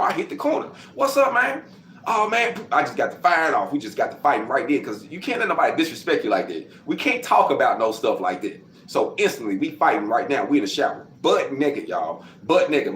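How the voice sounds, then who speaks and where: Animated man telling stories. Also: mid-range voice. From Arkansas. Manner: animated, acts out quotes and sound effects, gets loud. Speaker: host telling his life story. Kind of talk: casual storytelling to camera. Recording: roomy with faint background noise.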